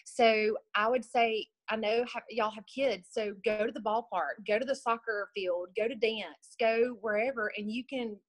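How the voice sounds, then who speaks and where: A chatty young woman with a drawl talks on a video call, upbeat and full of fillers and restarts. Her voice sits a touch high and sounds dry, with no room around it. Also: steady tone, normal speed, few pauses, dry recording, rough recording. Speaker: nail product seller sharing tips on a team call. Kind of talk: casual unscripted talk on a group call.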